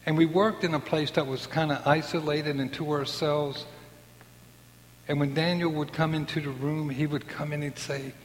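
A man's voice: a little high, flat delivery, moderate pace, slight background noise. A man in his sixties giving an earnest personal faith testimony, acting out the voices of people in his story. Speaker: testimony speaker. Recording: long hall reverb.

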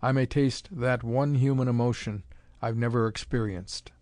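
A man's voice: mid-range voice, steady tone, normal speed, darkish tone, dry recording, close to an everyday voice. A man voicing a mad, mocking male scientist with a cold, gloating manner, in a dry storybook reading.

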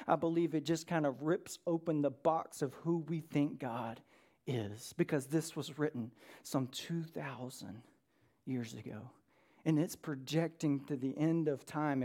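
Man, pastor, sermon, animated preaching, quick asides to the congregation. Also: fairly high pitch.

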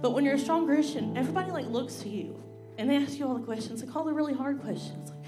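A woman, heavily pregnant and congested, shares a candid testimony before she sings. Her voice sits high and wavers near tears. Piano and guitar play loudly under her words. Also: fast. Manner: candid, laughing through tears. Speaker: pastor's wife and singer. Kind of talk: personal testimony before singing. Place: church sanctuary. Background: piano and guitar playing.

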